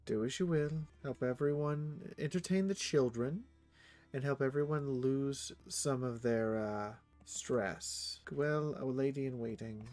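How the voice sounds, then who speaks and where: A man at a middle pitch giving let's-play commentary, reading the game's text aloud between his own remarks. He drops into muttered asides, then erupts into loud, swearing outbursts. His voice sounds dry and close, with faint music underneath. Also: dry recording. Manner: swears freely. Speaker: streamer.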